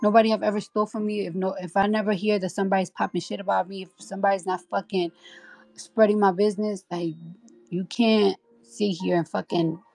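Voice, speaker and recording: A woman's voice: mid-range voice, level tone, a little fast, vocal fry, darkish tone, no room sound, low-quality recording. A woman hosting a casual live audio chat, talking bluntly and profanely, sleepy, with faint baby music playing behind her.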